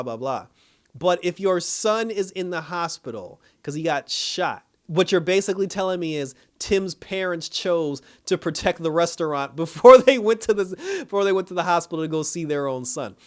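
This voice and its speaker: A man giving a casual, animated recap of a TV episode, acting out the characters' lines and laughing as he goes. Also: a little high, moderate pace. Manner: animated storytelling, acts out characters' lines, laughs while talking. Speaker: TV episode reviewer.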